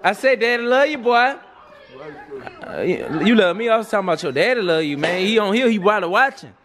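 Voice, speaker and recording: A young man hosting a home vlog, loudly teasing and playfully scolding the people around him. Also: high voice, expressive, quick pace, crowd noise. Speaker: vlogger host. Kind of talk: casual chat. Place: at home, indoors. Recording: noisy room with people around. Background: people chattering.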